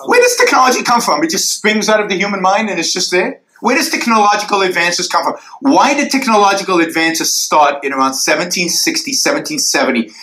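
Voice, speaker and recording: A man's voice: high-pitched, lively intonation, brisk, hardly any pauses, pushed and bright, roomy sound, rough recording. A man answering audience questions after a university lecture, arguing emphatically and sketching graphs in the air.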